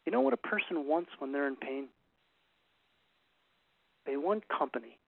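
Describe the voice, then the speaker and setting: A man's voice: fairly high pitch, lively intonation, moderate pace, creaky, no room sound. A middle-aged man giving an earnest, emphatic talk to a group and telling stories along the way. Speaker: relationship speaker. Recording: tinny phone-like radio sound.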